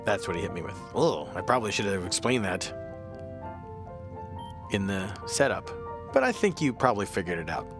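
A man's voice: fairly low pitch, big pitch swings, moderate pace, long pauses, over music. A man hosting a comedy podcast, rambling wryly and interrupting himself. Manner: rambling, self-interrupting and wry. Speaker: podcast host. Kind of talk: comic monologue.

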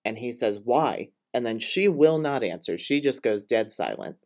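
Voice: medium pitch, lively intonation, normal speed, a little mellow. A podcast co-host in casual chat, recapping a film with dry, opinionated asides.

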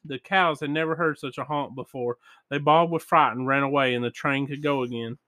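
A man reading children's storybooks and prayers aloud, with gentle sound effects and small voices. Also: mid-range voice, steady tone, brisk, no echo, studio quality. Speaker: reader of children's books.

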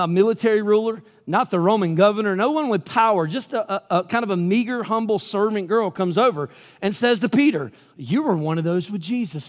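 A man preaching a sermon as pastor, telling a story casually and acting out the quotes. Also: high-pitched. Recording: hall reverb.

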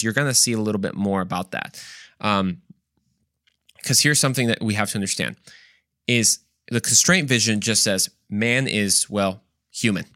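A man's voice: mid-range voice, a bit bright, no room sound, clean studio sound. A man hosting a podcast, explaining ideas in a casual teaching talk and often checking in with his listeners. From United States. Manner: conversational, explains step by step, often checks in with "right?". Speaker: podcast host.

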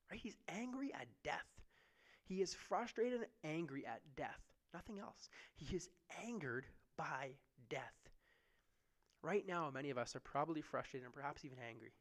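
A man giving a conversational sermon as a pastor, often checking in with "right?". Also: high voice.

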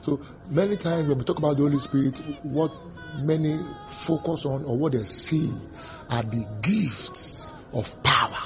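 Male preacher giving a sermon, repeats lines, bursts out loud now and then, soft music behind. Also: a little high, normal speed. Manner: emphatic, repeats phrases, sudden loud outbursts.

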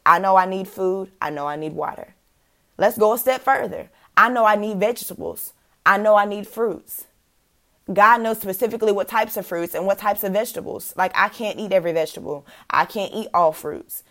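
A young adult woman hosting a podcast, talking casually about faith and dating, animated, laughing often, with many "like"s and fillers. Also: medium pitch, moderate pace. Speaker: podcast host.

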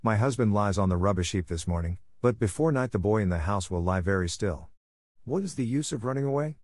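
A man voicing a vengeful female cobra who hisses slow, taunting threats in a storybook reading. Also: lowish voice, expressive, darkish tone, no echo, clean studio sound. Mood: menacing. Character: vengeful female cobra queen, cold and menacing.

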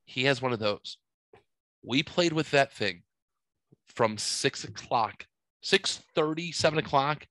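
Bright-voiced cussing man in his forties. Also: mid-range voice, slow, pauses often, dry recording, poor audio. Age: 40s. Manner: profane, rambling, animated storyteller. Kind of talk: casual storytelling chat.

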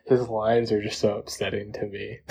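A man's voice: mid-range voice, gravelly, a little mellow, husky. A man co-hosting a casual podcast, giggling and rambling as he talks through his notes on a film. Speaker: podcast co-host. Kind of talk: casual movie-discussion chat.

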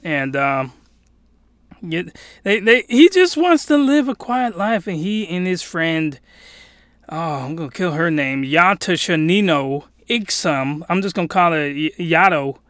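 A man giving a casual anime review, rambling and excitable, sometimes getting loud. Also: on the high side, measured pace, no room sound, studio quality.

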